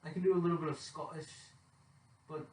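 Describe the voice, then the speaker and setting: A young man from Canada co-hosting a casual podcast, loud and swearing, often breaking into laughter and cutting in. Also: a little high, level tone, a little fast, recorded from a distance. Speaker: podcast co-host. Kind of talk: casual chat. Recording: roomy echo, away from the mic.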